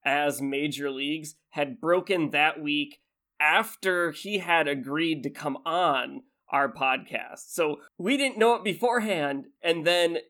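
A man co-hosts a podcast in easy, casual conversation. He keeps things moving by asking his co-host questions. His voice is slightly high for a man. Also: slow, sharp tone. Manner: easygoing, steers the conversation with questions. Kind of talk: casual chat.

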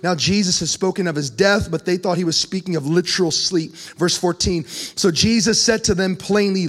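High-voiced preacher in a reverberant hall. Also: male voice, normal speed, hardly any pauses. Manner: animated, joking storyteller who reads scripture aloud. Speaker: pastor. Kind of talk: sermon. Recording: long reverb in a large hall.

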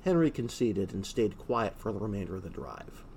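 Man narrating a story, low voice, lively pitch. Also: normal speed, a little hiss or hum. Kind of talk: audiobook narration.

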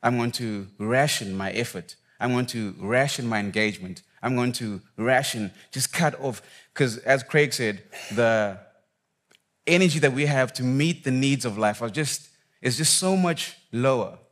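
A man's voice: mid-range voice, measured pace, a bit bright. A young man preaching in a casual, conversational way, reading scripture, praying and telling a personal story with slang and fillers.

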